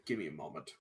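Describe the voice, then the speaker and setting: A man reading a children's book aloud on a live stream, halting and restarting, clearing a strained throat often. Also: high voice, a bit bright.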